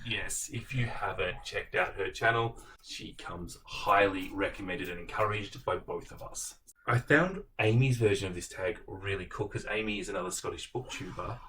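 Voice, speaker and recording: A man co-hosting a casual book chat, joking in a dry, deadpan way. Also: sits low, normal speed. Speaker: booktuber co-host. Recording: distant mic, faint background noise.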